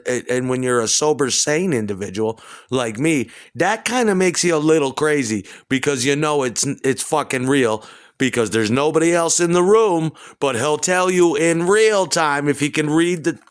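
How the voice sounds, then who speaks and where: A man's voice: on the high side, smooth. A man at home delivering an agitated, profane, rambling rant. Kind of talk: rambling monologue to camera. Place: at home indoors.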